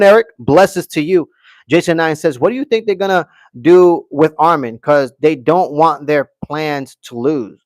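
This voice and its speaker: A man's voice: on the high side, no room sound. A man hosting a live stream, giving brash, opinionated fight commentary, reading chat comments aloud and answering them. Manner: brash, opinionated, repeats "okay" and "guys". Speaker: livestream host.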